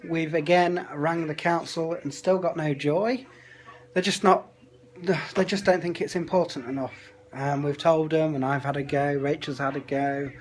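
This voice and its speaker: A man's voice: fairly high pitch, steady tone, moderate pace, a little hiss or hum. A man, chatting casually into his phone about his day at home, grumbling with indignant asides. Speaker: vlogger. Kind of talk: casual vlog chat. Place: family home. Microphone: phone held at arm's length.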